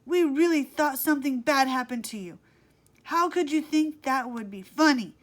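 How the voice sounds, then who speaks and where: A woman's voice: high-pitched, lively intonation, voice pushed up. A woman voicing a worried boy who turns reproachful, in a storybook reading. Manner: quick and quiet, then scolding.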